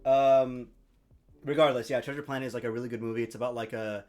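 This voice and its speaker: A man hosting a podcast, chatting casually and telling lively stories with playful voices for the people in them. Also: mid-range voice, fast, faint music behind. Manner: animated storyteller, playful voices for quoted people, laughs easily. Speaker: podcast host. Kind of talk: casual chat.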